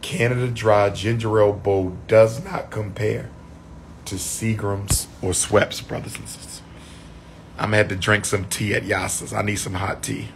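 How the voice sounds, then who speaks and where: A man chatting on a livestream, losing his voice, repeating shout-outs to his viewers. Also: on the low side, level tone, moderate pace, slight background noise. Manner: repetitive, call-and-response shout-outs to viewers. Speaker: livestream host. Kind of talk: casual livestream chat.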